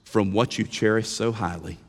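A man preaching a sermon as pastor, animated, swinging from emphatic lines to hushed ones. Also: lowish voice, normal speed, in a large hall. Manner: animated preaching with sudden drops to a hush. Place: church sanctuary.

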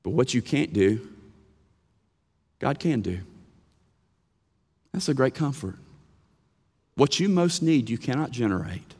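A man preaching a sermon as pastor, animated, swinging from emphatic lines to hushed ones. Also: mid-range voice, takes it slowly, pauses often, breathy edge, big-room sound. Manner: animated preaching with sudden drops to a hush. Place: church sanctuary.

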